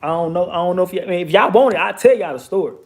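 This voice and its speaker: Guy late 20s, kinda high voice, cussing and hammering his points home while he tells it. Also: rapid-fire, darkish tone. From Texas, USA. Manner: emphatic, profane, streetwise retelling with rising bursts of emphasis. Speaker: vlogger. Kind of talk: casual storytelling monologue.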